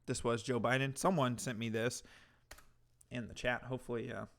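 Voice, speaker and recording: A man's voice: mid-range voice, fairly even intonation, moderate pace, vocal fry. A man hosting a live stream, reacting to clips and chatting with viewers in a sarcastic, profane way. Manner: bursts into loud laughter and yelling. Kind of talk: casual live-stream commentary.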